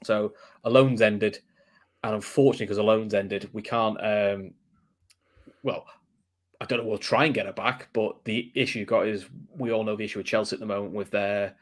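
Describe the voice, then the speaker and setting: A man's voice: fairly low pitch, steady tone. A man co-hosting a football reaction podcast, reading a sponsor ad and chatting casually. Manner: reads the sponsor ad in a quick, chatty way. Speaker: podcast co-host.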